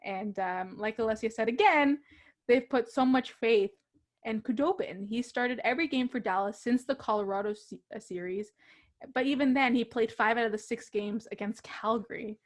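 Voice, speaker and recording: Young female co-host, casual and giggly sports chatter, a touch high. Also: normal speed. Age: young adult. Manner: chatty, laughs often.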